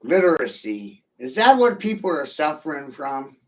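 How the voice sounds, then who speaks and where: A man's voice: a little high, big pitch swings, moderate pace. A man ranting on a livestream, profane and provocative, firing rhetorical questions at his viewers. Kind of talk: rambling livestream rant.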